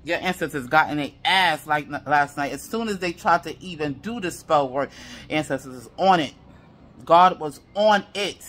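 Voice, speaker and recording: A man's voice: a little high, normal speed, fairly bright tone. A man giving a tarot reading to viewers, heated and profane, piling up repeated affirmations. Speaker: tarot reader.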